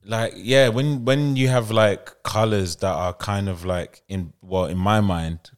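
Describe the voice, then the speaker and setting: A man co-hosting a casual podcast chat, talking in a hesitant, halting way. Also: lowish voice, fairly even intonation, clean tone. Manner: hesitant, soft-spoken, halting. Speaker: podcast co-host.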